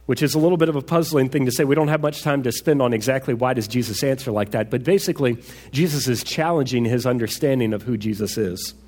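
A man's voice: medium pitch, quick pace, a little mellow, breathy edge. A man preaching a sermon as a pastor, conversational and asking rhetorical questions. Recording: echoey hall reverb.

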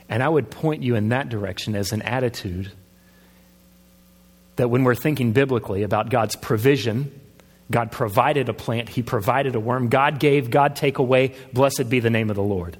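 A man's voice: mid-range voice, normal speed, slightly rough. A man pastor preaching a sermon in a conversational way, asking his listeners questions. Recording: long hall reverb.

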